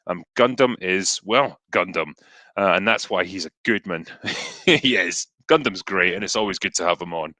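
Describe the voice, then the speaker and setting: A man's voice: low-pitched, lively intonation, moderate pace, pushed and bright, no echo. A Scottish man in his thirties hosting a casual livestream, reading superchats into a headset with lots of fillers and dry, sarcastic humor. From Scotland.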